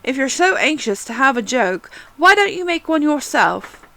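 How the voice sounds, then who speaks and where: A woman's voice: high voice, big pitch swings, normal speed, sharp tone, no room sound, voice pushed up, full character voice. A woman reading aloud and voicing Alice, a polite but impatient young girl, for a storybook. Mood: prim, impatient. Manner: prim and impatient, well-spoken.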